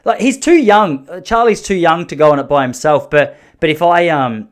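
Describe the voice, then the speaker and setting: Australian male podcast host, 30s, somewhat high-pitched, loose self-deprecating storyteller. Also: moderate pace. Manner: rambling, self-mocking, often corrects himself mid-sentence. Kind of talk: casual storytelling monologue.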